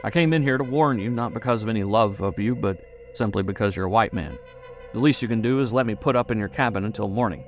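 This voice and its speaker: A man's voice: on the low side, fairly quick, soft background music, lightly acted. A man voicing a tough, resentful backwoodsman who answers curtly and angrily. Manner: curt, angry.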